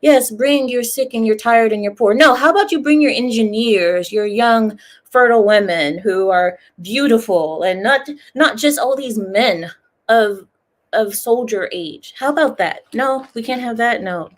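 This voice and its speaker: A woman's voice: on the high side, measured pace. A woman, ranting in a casual livestream and chatting to her viewers over a laptop mic. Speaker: livestream host.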